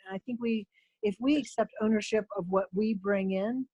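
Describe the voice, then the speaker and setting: A woman's voice: mid-range voice, fairly even intonation, moderate pace, dark tone, rough recording. A woman guest on a talk show who speaks earnestly and thoughtfully, with a few fillers. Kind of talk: casual talk show chat.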